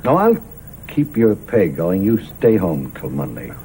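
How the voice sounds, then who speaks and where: A kindly employer gently reassures a worker in a 1970s TV period drama. His voice is very low and mellow yet moves expressively. A faint hiss sits under the old recording. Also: very animated, measured pace, full character voice, poor audio.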